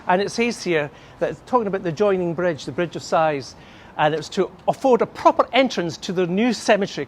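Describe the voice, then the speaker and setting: A Scottish man with a notably high voice leads a walking tour outdoors, chatting and telling stories as he points things out. He talks among old tombs in a city. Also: a little hiss or hum. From Scotland. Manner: chatty, storytelling, quick laughs. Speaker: tour guide.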